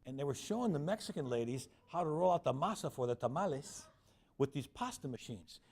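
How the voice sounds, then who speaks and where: A middle-aged man giving a public lecture, telling lively anecdotes and acting out the people he quotes. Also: a little high, brisk, vocal fry, breathy edge.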